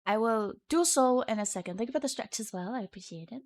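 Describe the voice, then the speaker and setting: A woman's voice: a little high, animated, quick pace, a little mellow. A young woman streaming her art, chatting casually and teasing her viewers as she reads their messages.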